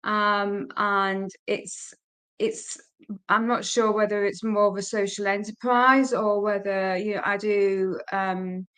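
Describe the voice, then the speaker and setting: An older retired woman speaks on a video call, hesitant and halting, pausing often and reaching for words. Her voice is smooth and resonant, and her pitch sits in the middle of the range. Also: fairly even intonation, a bit bright. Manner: hesitant, many pauses and fillers. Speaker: retiree starting a business. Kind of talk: casual video call chat.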